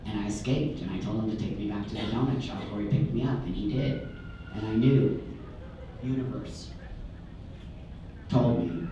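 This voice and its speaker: A middle-aged man telling a candid personal story to an audience, animated and direct. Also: fairly low pitch, a little slow, long pauses, lo-fi sound, a little hiss or hum. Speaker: speaker. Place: large room before an audience. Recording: echoey hall from far off.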